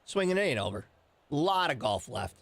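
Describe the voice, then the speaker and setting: A man with a gravelly, fry-edged voice whose pitch jumps around a lot. He chats casually and teases the other players with wry trash talk. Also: big pitch swings, moderate pace, fairly bright tone, no echo. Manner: wry, teasing, trash-talking. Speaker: radio show co-host. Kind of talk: casual chat over a video game.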